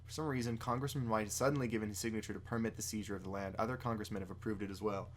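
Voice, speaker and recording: Brief: cold, formal banker, read quietly by a man. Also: lowish voice, steady tone, racing, slight background noise, voice pushed down, close to an everyday voice.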